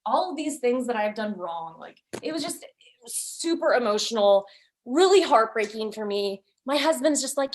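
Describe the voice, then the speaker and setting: A young woman sharing her birth story as a podcast guest, lively and candid. Her voice sits a little higher than most, and she slips into quoted thoughts and asides as she goes. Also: normal speed.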